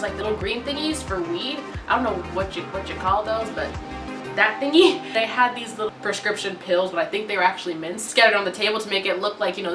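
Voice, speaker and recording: Excitable young woman vlogger, echoey room. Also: mid-range voice. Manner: excitable, gushing fangirl storytelling, bursts into squeals. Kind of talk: casual storytime vlog. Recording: echoey room, mic at a distance, music behind.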